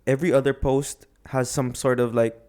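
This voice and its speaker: A man's voice: mid-range voice, level tone, moderate pace, a little mellow, clear, resonant tone. A man co-hosting a podcast, telling a story in a rambling, jokey way and correcting himself as he goes. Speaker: podcast co-host. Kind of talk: casual chat, storytelling.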